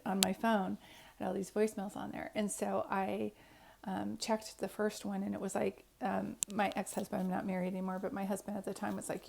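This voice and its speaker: A woman's voice: mid-range voice, flat delivery, brisk, creaky, darkish tone, a little hiss or hum. A woman, a psychic medium, earnestly telling a personal story to camera in a rambling way, often restarting her sentences.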